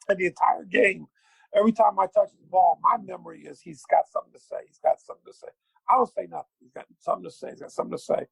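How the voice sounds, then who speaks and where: A middle-aged man spins a basketball story, acting out every quote with gusto. His voice sits high and runs gravelly and husky. The sound is dry and close. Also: quick pace, no echo, low-quality recording. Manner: lively anecdote teller, acts out quotes. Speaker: guest, former pro basketball player. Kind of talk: animated storytelling.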